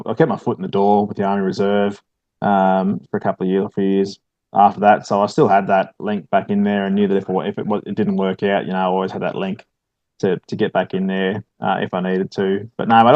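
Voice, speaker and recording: A man's voice: fairly low pitch, a little mellow, dry recording, lo-fi sound. A middle-aged Australian man, a firefighter and former soldier, chatting casually with lots of fillers and "mate". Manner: laid-back, many fillers, says "mate" often. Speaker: guest, firefighter and army veteran. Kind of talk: casual podcast chat.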